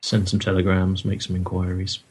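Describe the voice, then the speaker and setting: A man running a tabletop role-playing game, speaking in a relaxed, hesitant way. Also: low voice, normal speed, slight background noise. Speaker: game master.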